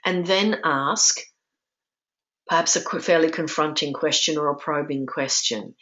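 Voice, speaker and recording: A woman with a low-pitched voice presents a webinar lesson. She is calm and instructive, and she says sample phrases gently. The audio comes through dull and muffled, like a webinar recording. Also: measured pace. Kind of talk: lecture-style webinar.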